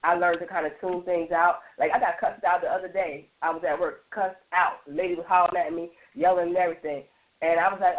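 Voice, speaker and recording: A woman on a radio panel, telling stories with lively restarts and lots of "like". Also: on the low side, fast talker. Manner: animated storytelling with many restarts and repeated "like". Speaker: roundtable panelist. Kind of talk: casual radio panel chat. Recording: tinny phone-line sound.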